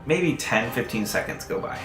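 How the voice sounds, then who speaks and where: A man's voice: mid-range voice, animated. A man narrating as game master in an easy, rambling way, full of fillers. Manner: slow, loose, full of fillers. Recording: roomy echo, faint music.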